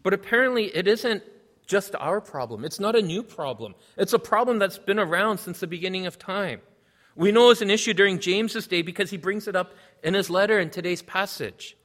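Male pastor, earnest teaching sermon, higher voice, reverberant hall sound. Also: fairly quick, a bit bright. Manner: earnest, explanatory, reads scripture aloud.

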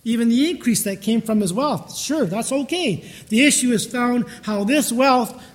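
High-voiced man preaching a chatty sermon. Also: moderate pace. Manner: storytelling, chatty, with frequent restarts. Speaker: pastor. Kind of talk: conversational sermon.

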